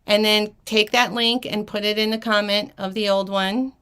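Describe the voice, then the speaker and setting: A woman's voice: mid-range voice, fairly even intonation, moderate pace, pushed and bright, smooth. A woman hosting a live vintage jewelry auction stream, flustered and rambling, laughing often between fillers and restarts. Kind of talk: casual live-stream chat.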